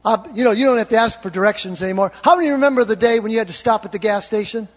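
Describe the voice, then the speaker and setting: A male pastor preaching a sermon, storytelling and swinging between loud exhortation and hushed confession. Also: sits high, racing. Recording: reverberant hall.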